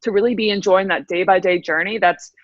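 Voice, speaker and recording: A woman's voice: medium pitch, steady tone, brisk, no room sound. A woman in her twenties, a professional swimmer, chatting as a podcast guest in an upbeat way, laughing often and using many fillers. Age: 20s. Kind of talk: casual interview chat. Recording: dry, slightly dull audio.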